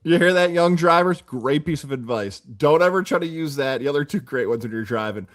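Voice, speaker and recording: A man co-hosting a sports talk show, joking in a lively way and reading listener messages aloud. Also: a little high, fairly quick, no room sound, studio quality. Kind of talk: casual sports radio chat.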